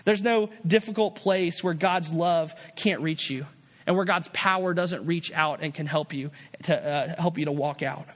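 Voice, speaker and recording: A man's voice: a little high, moderate pace, in a large hall. A man preaching a sermon as a pastor, earnest and repetitive, often restarting his phrases.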